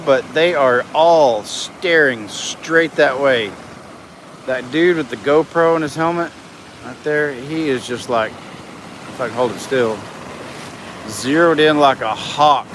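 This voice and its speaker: A man's voice: fairly high pitch, slow pace. A middle-aged man on a casual live stream. He reads out viewer comments and narrates what he sees from a beach inlet, filming on a phone. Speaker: livestream host. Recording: outdoor noise in the background.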